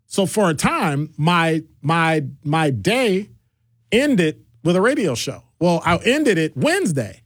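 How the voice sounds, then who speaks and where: Man voicing a radio talk host: lively, slightly high delivery, bouncing between topics, close dry mic. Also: slow pace, no echo. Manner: animated, jumps between topics, playful asides.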